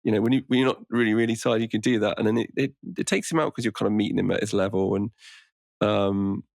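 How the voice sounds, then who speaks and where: A man with a lowish, gravelly voice chats as a podcast guest. He talks in an easygoing, rambling way, restarting his sentences often. The recording is dry and close. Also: steady tone, fast talker, a little mellow, no echo. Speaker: podcast guest, meditation teacher. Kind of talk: casual conversation.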